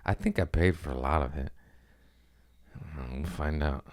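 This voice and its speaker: A man hosting a comedy podcast, telling a story in a casual, profane, animated way and jumping into quick voices. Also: extremely low pitch.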